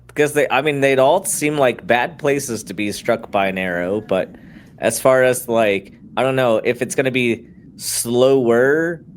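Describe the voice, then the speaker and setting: A podcast guest answering a question in a hesitant, thoughtful way. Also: male voice, medium pitch, a little slow, slight background noise.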